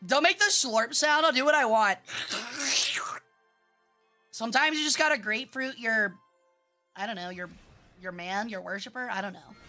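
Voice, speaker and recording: A young woman from Memphis chatting casually on a live stream while gaming, animated and quick to swear, laugh and shriek. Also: on the high side. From Memphis, US South. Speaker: vtuber streamer.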